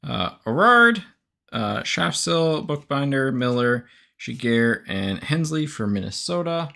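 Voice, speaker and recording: Slow and creaky, at a medium pitch, this man provides live commentary while opening cards for a break. He runs through players and their teams one after another, casual and self-correcting, with plenty of "uh"s.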